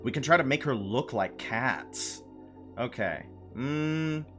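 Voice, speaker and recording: A man's voice: medium pitch, expressive, slow pace, fairly bright tone, soft background music. A man live-streaming a game, chatting playfully with his chat, laughing and repeating phrases. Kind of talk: casual live-stream chat while gaming.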